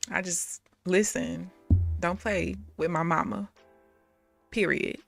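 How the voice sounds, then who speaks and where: A woman telling stories on a live stream, animated and blunt, laughing often and swearing freely. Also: lowish voice, takes it slowly, creaky, faint music behind. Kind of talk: casual storytelling on a live stream.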